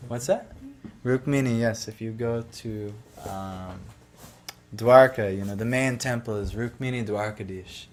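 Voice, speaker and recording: A man's voice: on the low side, a little slow, slight background noise. A man giving a devotional talk, retelling a sacred story in a loose, conversational way full of "like" and "you know". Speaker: devotional speaker.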